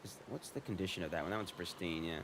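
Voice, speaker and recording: A man's voice: deep voice, quick pace, noisy background. A man chatting casually while live-streaming a game, rambling and swearing as he talks.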